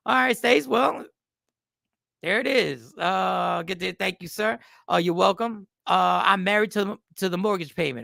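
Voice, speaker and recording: A man's voice: high voice, a little slow, gravelly, pushed and bright, no echo, clean studio sound. A man in his fifties, a comedian and host, telling a rambling, self-mocking story in a casual style.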